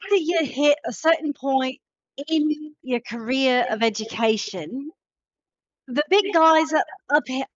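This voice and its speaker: A woman putting on a cheerful young drow woman who talks in a high, bright Australian twang and calls everyone mate. The voice is dry and close, with slightly muffled online-call audio. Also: unhurried, no echo. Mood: chatty. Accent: Australian (put on). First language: American English. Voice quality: slangy, calls people mate. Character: female drow adventurer, young, brash and cheerful. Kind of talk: tabletop role-play.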